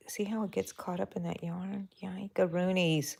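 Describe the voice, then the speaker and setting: During her casual crochet livestream, a Texan-accented woman talks with viewers and to herself as she works. Her voice is low and gravelly, level in tone, at normal speed with few pauses.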